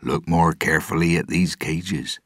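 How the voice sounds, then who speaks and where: A man voicing a grim older sailor who speaks quietly and seriously. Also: a bass voice, fairly even intonation, measured pace, breathy edge, no room sound, clean studio sound, full character voice. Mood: grave. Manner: quiet, grave.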